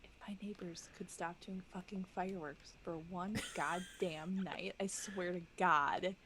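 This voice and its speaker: A woman's voice: fairly low pitch, steady tone, unhurried, a bit bright. Female co-host, casual joking banter over gameplay, noticeable background hiss. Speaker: let's play co-host.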